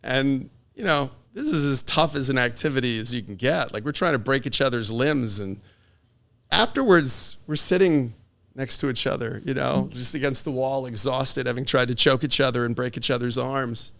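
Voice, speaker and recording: Middle-aged male guest who tells stories animatedly and acts out quotes, with a mid-pitched, fry-tinged voice. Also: moderate pace, a bit bright. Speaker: divorce attorney, podcast guest. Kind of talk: casual conversation.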